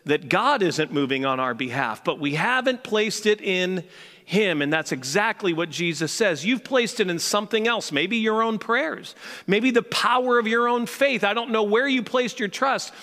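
A man preaching on a church stage with a high, bright and forceful voice. He talks in an animated, joking way and often restarts mid-sentence. His voice echoes through a large hall with long reverb. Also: moderate pace. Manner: animated and humorous, with frequent restarts. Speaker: pastor. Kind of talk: sermon.

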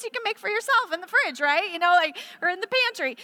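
High bright impassioned woman preacher. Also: a little slow. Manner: impassioned, building to emphatic declarations. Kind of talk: sermon. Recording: echoey hall reverb.

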